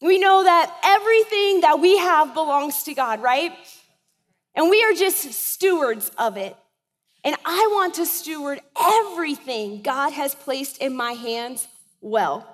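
A woman's voice: sits high, lively intonation, unhurried, long reverb tail. A woman in her thirties preaching a sermon in a church, with a conversational style that keeps checking in with the congregation. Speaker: pastor.

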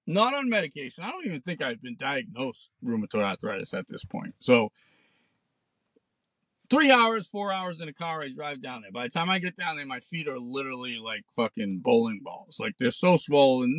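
A man's voice: high voice, fairly bright tone, dry recording. Blunt, profane forties man ranting. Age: 40s. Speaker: podcast host. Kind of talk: ranting casual monologue. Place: parked car.

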